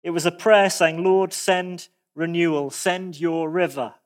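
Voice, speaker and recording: A man preaching a sermon, expressive, with dramatic pauses and animated asides. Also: fairly high pitch.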